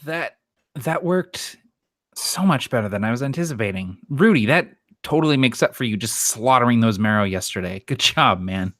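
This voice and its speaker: A man talking as a player at a tabletop game, eager and asking quick questions. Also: medium pitch, animated, a bit bright, no room sound, studio quality. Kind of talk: casual chat at a game table.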